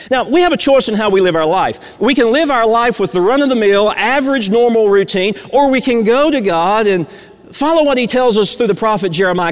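High-voiced preacher in a reverberant hall. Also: male voice. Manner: storytelling, swings from loud emphasis to hushed near-whispers. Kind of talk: sermon.

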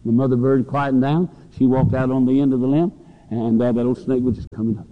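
A man's voice: medium pitch, flat delivery, fast. Man, folksy sermon, long hall echo, muffled lo-fi sound. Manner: folksy storytelling, acts out voices. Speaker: preacher. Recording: dull lo-fi recording with long hall reverb.

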